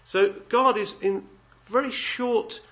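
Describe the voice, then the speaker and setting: A man with a fairly high voice preaches earnestly, stressing his points and reading scripture passages aloud. His delivery is emphatic and steady, with a slight lilt. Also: slow pace. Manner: earnest, emphatic, reads scripture aloud in King James wording. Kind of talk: sermon.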